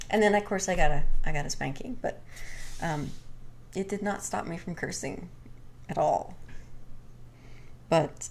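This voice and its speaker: A young adult woman casually telling a candid, rambling personal story and swearing freely. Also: deep voice.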